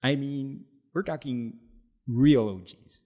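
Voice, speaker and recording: A podcast co-host who founded a product tells a story casually, animated and laughing as he acts out quotes. His voice is mid-range and he takes it slowly.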